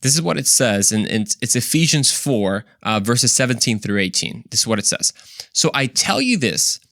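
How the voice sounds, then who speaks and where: A man hosting a Christian talk show, speaking in an animated, conversational way with frequent exclamations. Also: on the low side, moderate pace, dry recording, clean studio sound. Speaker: host. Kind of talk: faith talk show monologue.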